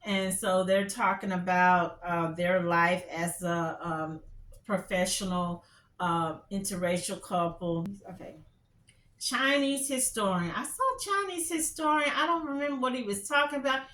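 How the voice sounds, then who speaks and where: A woman's voice: medium pitch, measured pace, a bit bright. Chatty woman vlogging in an echoey room. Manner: chatty, gossipy, rambling with many fillers. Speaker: YouTube channel host. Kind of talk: casual commentary vlog. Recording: echoey room with faint music.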